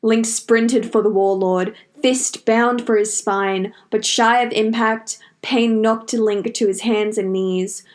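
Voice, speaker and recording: A woman narrating a fantasy fanfiction story in a measured, dramatic storytelling manner. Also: fairly high pitch, steady tone. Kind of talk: audiobook fanfiction reading.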